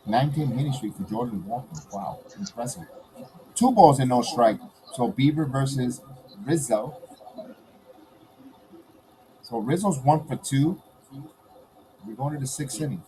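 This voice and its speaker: A man with a New York accent hosting a casual baseball watch-along, calling pitches in a relaxed way and chuckling between them. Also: a little slow, long pauses, slight background noise, poor audio. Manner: laid-back, chuckling between pitch calls. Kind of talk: casual play-by-play commentary.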